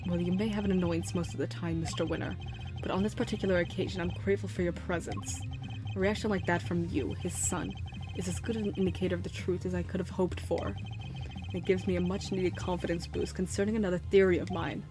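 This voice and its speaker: A woman gives a cool, proud game prosecutor, his words measured and precise. The voice sits a touch low, with the game's music playing clearly behind it. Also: steady tone, lightly acted. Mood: composed. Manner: measured, formal, cutting. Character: composed, haughty male ace prosecutor. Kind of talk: fan voice-over of a game.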